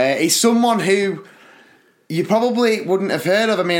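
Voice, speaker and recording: A man co-hosting a podcast, telling stories in animated fashion and acting out quotes. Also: a little high. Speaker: podcast co-host. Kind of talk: casual chat.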